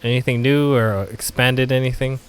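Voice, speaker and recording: A man's voice: medium pitch, steady tone, moderate pace, smooth. A man co-hosting a casual podcast, joking around, laughing and tripping over his words. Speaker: podcast co-host. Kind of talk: casual chat. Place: California.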